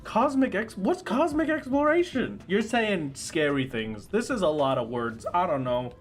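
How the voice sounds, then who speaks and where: A male streamer with a fairly high voice that swings wildly up and down as he reacts to the game. He talks casually and playfully to his chat, squealing and laughing whenever something surprises him. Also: animated, normal speed, faint music behind. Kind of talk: casual livestream chat while gaming.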